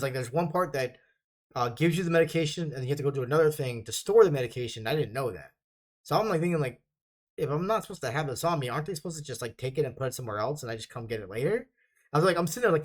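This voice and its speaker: A young man casually telling stories from basic training, rambling and swearing a lot, laughing often as he goes. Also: medium pitch. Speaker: vlogger. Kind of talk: casual storytelling.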